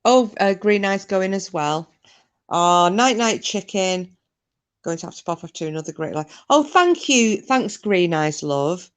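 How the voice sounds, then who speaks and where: British woman hosting a live stream from home; chatty, jumpy, quick to giggle. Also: on the low side, lively intonation, clean tone. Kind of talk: casual live-stream chat. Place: home sofa.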